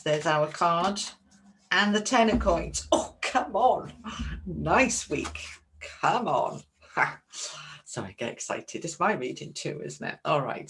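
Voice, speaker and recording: A woman giving a chatty, excitable tarot reading to camera, calling her viewers darlings. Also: low-pitched, a little hiss or hum. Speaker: tarot reader.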